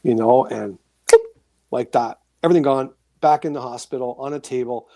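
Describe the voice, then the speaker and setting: Gravelly man telling a story. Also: mid-range voice, moderate pace, dry recording. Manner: animated storyteller, acts out voices and sounds. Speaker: guest, author and paranormal experiencer. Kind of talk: storytelling in a casual interview.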